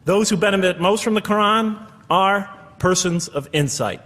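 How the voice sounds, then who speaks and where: A man's voice: sits high, normal speed, a bit bright, big-room sound. A middle-aged man giving a public talk to an audience, earnest as he quotes and tallies references. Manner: earnest, quoting and tallying references. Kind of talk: lecture to an audience.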